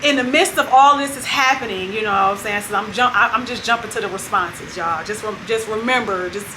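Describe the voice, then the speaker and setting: A woman hosting her own vlog, telling a story in a casual, animated way and acting out what other people said. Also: mid-range voice, brisk, background noise. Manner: animated retelling that acts out other people's lines. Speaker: vlog host.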